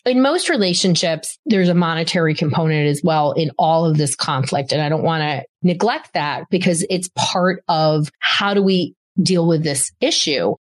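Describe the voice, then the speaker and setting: A woman's voice: low-pitched, normal speed, hardly any pauses. A middle-aged woman, a doctor and host, giving casual parenting advice with emphatic repeated words for stress. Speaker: podcast host and child behavior doctor.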